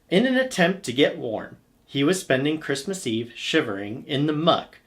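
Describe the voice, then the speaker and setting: A man reads a history documentary script at a middle pitch. His delivery is steady and measured, and he tells the story plainly. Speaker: history channel narrator.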